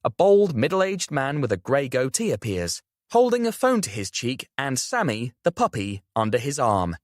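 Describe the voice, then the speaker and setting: A young man narrating a first-person audiobook with expressive storytelling. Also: mid-range voice, normal speed, no room sound, studio quality. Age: young adult.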